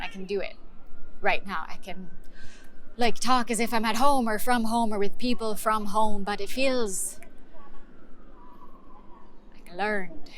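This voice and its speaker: A rueful young woman actor with an American accent, played by an actress in a filmed monologue. She talks in candid, searching bursts, full of pauses and restarts. Her pitch sits in the middle range, with a faint hiss behind her. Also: a bit bright, lightly acted, poor audio. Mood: unsettled. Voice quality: halting, confessional delivery full of pauses and restarts.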